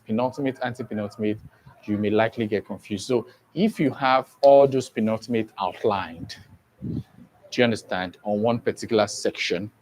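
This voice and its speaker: A man's voice: fairly low pitch, darkish tone, slight background noise, poor audio. A man teaching an exam-prep lesson. He spells words out letter by letter and keeps asking whether the class understands. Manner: slow and deliberate, spells words letter by letter and often checks understanding. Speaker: English teacher.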